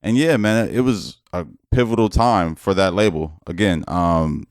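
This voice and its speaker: A man co-hosting a podcast in casual chat, relaxed and opinionated. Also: deep voice, unhurried, clean tone, dry recording, clean studio sound. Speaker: podcast co-host.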